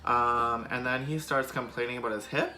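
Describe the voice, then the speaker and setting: A man's voice: mid-range voice, steady tone, moderate pace, bright, forceful tone, faint music behind. A young man telling a storytime vlog in a casual, sarcastic way, full of fillers. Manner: chatty, filler-heavy, sarcastic. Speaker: vlogger.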